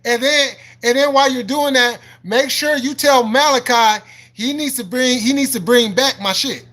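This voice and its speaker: A man with a very high, bright voice rants on his livestream, swearing freely and answering viewers in the chat. He argues in a combative, preachy way, repeats himself and breaks into laughs between points. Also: moderate pace. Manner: preachy and argumentative, quoting scripture. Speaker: livestream host. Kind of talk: live-stream rant answering chat.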